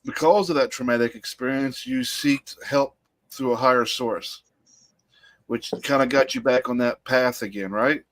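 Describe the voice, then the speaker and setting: A man's voice: mid-range voice, moderate pace, a bit bright, no echo. A man from the United States hosting a casual podcast, talking in a rambling way and repeating his words as he reflects. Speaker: podcast host. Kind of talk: casual chat.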